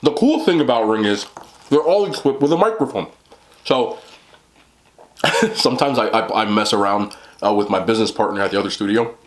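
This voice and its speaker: A man's voice: lowish voice, expressive, a little fast. A man hosting an eating show, rambling casually with lots of "like" and "you know". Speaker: mukbang host. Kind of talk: casual chat while eating.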